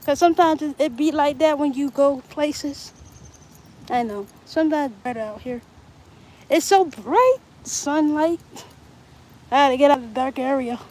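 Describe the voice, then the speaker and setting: A young woman with a high voice chats to her viewers on a casual livestream. She rambles from one thought to the next in an easygoing, conversational way. She is streaming from outdoors in bright sunlight. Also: normal speed, long pauses, poor audio. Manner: rambling, chatty, talks to viewers.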